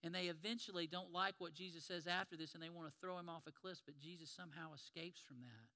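A man's voice: on the high side, fairly even intonation, fast talker, sharp tone, big-room sound. A man preaching a sermon in a conversational storytelling way, retelling scenes and acting out the lines.

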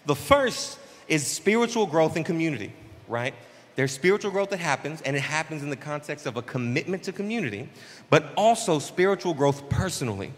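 A man preaching a casual, conversational sermon as pastor, with slangy, animated asides. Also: on the high side, fairly quick, in a large hall. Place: church sanctuary.

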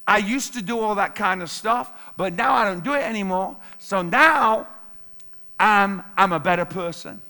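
A man's voice: sits high, moderate pace, bright, forceful tone. A male pastor preaching a sermon in an emphatic way, repeating key phrases for weight.

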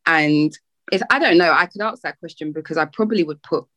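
A woman in her thirties talks on a podcast in a thoughtful, rambling way. Her voice sits low, and the recording is dry and close. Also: fairly quick, sharp tone, dry recording. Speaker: podcast co-host, mother. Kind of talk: casual chat.

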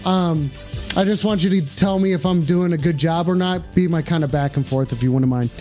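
A man hosting a call-in stream show, excitable and crude, swearing a lot and joking around. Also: on the high side, fairly quick, faint music behind. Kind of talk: casual profane streaming chat.

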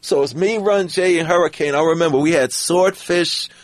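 A man guesting on a podcast, telling an anecdote in an animated, profane way and acting out the quotes. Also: on the high side, moderate pace, no echo. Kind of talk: storytelling anecdote.

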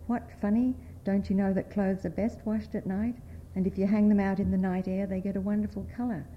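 A woman reading aloud, voicing a sly young hop picker who makes mock-polite, fast-talking excuses. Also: mid-range voice, flat delivery, highs cut off, slight background noise, lightly acted. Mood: cheeky.

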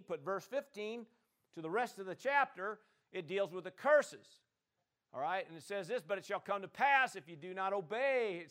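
A man preaching a sermon, calling on the congregation to answer and swinging between loud declarations and quiet asides. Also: high-pitched. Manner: call-and-response preaching, swings from loud to soft. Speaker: pastor.

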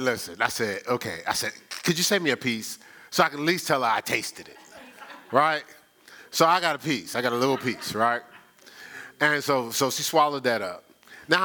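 A man's voice: mid-range voice, bright, forceful tone. A man preaching a conversational sermon, telling stories in a folksy, chatty way and often repeating himself. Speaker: pastor. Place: church sanctuary.

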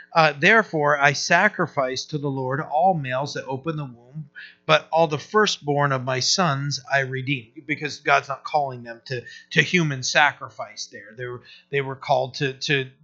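A man, a pastor, teaching through a Bible passage in a casual, halting way, often restarting and checking in with "right?". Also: medium pitch, pushed and bright, dull audio.

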